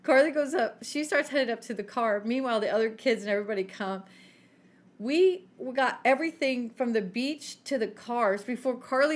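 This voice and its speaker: A woman's voice: fairly high pitch, moderate pace. A woman co-hosting a podcast, telling a story in a casual chat and laughing often. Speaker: podcast co-host.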